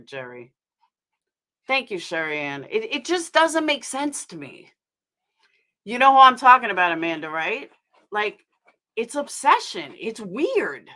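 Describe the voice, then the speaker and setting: A woman's voice: a little high, bright, forceful tone. Woman ranting on her livestream, swears a lot, rambly, voice bounces up and down. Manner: blunt, swears freely, rambling and heated. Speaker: livestream host. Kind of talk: casual live-stream commentary.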